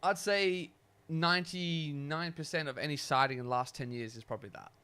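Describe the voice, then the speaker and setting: A man with a slightly raised pitch, chatting casually on a podcast. He muses aloud, asks questions and readily agrees with his co-host. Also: a little fast, pushed and bright, clear, resonant tone. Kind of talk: casual chat.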